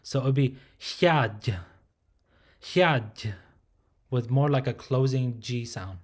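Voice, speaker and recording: A man with a mid-range, steady, dark-toned voice speaks at a normal speed. As a language teacher giving a pronunciation lesson, he patiently repeats each sound and often checks in with the learner.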